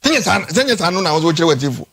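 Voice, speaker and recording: A Ghanaian man hosting a morning talk show, debating animatedly and repeating words as his pitch jumps. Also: sing-song, very fast, a bit bright, husky. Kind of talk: animated studio debate in Twi and English.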